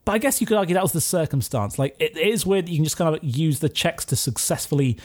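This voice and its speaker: A man's voice: fairly high pitch, expressive, fast, a little mellow. A man running a tabletop game as game master, narrating with an amused, giggly manner.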